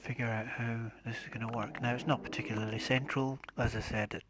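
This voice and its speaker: A man streaming a building game live, talking himself through his plans in a low-key, methodical way. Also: flat delivery, fairly quick, background noise. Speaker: gaming streamer. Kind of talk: live gameplay commentary.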